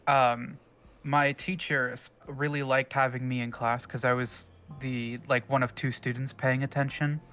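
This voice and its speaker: A young man trading stories in a relaxed group chat. His voice is bright and forceful at a middle pitch, and he fills his anecdotes with ums, likes and quick laughs. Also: clean tone, soft background music. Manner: chatty anecdotes with lots of fillers and laughs. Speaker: guest panelist. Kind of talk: casual group discussion.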